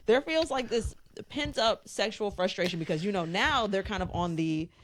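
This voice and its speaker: A woman's voice: medium pitch, lively intonation, normal speed, fairly bright tone, a little hiss or hum. A woman co-hosting a pop culture podcast, telling gossip in an emphatic, playful, profane way. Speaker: podcast co-host. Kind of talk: casual chat.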